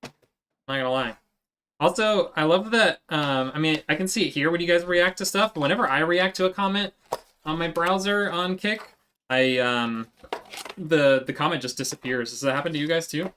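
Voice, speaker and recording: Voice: medium pitch, moderate pace, fairly bright tone, smooth. A live streamer chatting casually with viewers while working, answering chat as they go.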